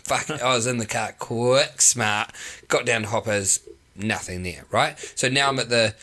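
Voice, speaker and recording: A young man, hosting a podcast and telling rambling, animated stories full of swearing. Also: mid-range voice, moderate pace. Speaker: podcast host. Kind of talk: casual chat.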